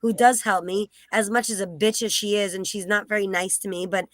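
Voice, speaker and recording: A woman's voice: mid-range voice, steady tone, a little fast, no echo. A woman from New Jersey sharing her own situation in a rambling way, full of fillers and restarts. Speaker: group participant sharing personally. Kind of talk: candid personal sharing.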